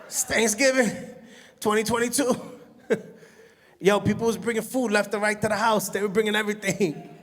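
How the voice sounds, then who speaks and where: A stand-up comedian, telling animated stories and laughing at his own jokes. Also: sits high, moderate pace. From Brooklyn, New York. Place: comedy stage in a hall. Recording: long hall reverb from a live venue.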